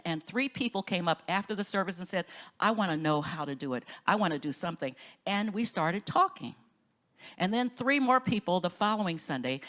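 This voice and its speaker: A woman minister giving an inspirational conference talk in a lively storytelling manner, often rising high with enthusiasm.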